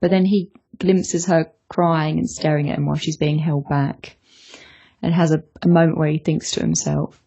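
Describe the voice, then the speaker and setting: A woman co-hosting a podcast in relaxed casual chat, giving her opinions on a manga chapter. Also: sits low, normal speed, creaky, breathy edge, dull audio. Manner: relaxed, opinionated, with fillers and restarts. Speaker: podcast co-host.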